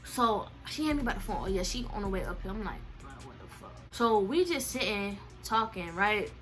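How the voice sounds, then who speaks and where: A young woman telling a casual storytime, animated and slangy, acting out the other people's lines with big swings in pitch and loudness. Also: a little fast, soft background music. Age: young adult. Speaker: storyteller vlogger.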